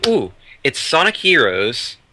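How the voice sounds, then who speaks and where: A man's voice: medium pitch, sing-song, slow pace, sharp tone, no room sound, poor audio. A man playing along as a quiz contestant on a podcast, hesitant and rambling in his answers. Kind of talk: casual podcast banter.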